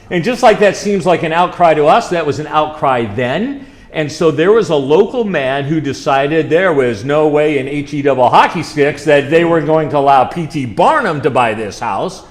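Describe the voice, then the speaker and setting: A man, a college chaplain, telling stories over slides and quizzing a live audience in a chatty way. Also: fairly high pitch. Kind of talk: slide-show trip presentation.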